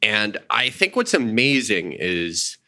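A man's voice: on the low side, big pitch swings, takes it slowly, bright, forceful tone. A man in casual conversation, talking animatedly about old stories, swearing freely and acting out quotes. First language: Jewish identity not a language. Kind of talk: casual chat.

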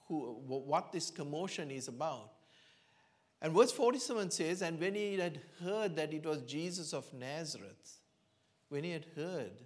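A man preaching a sermon in church, telling a Bible story slowly and earnestly, with frequent pauses and fillers. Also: fairly high pitch.

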